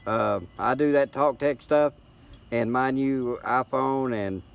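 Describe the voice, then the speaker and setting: Taking it slowly, this middle-aged Southern man from Tennessee hosts a live stream in a gravelly mid-range voice with a clean tone. His casual chat is folksy and rambling, with repeated words, captured on a tablet's built-in mic.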